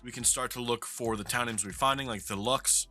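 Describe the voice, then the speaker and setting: Bright-voiced New York man narrating gameplay. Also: mid-range voice, fairly even intonation, brisk, faint music behind. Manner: chatty, self-deprecating, swears casually. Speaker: streamer playing a geography game. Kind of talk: casual game commentary.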